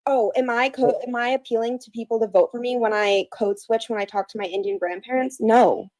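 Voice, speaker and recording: A woman's voice: fairly high pitch, steady tone, a little fast, darkish tone, no echo, low-quality recording. A young American woman calling in to a live debate, explaining her view earnestly and at length. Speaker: caller.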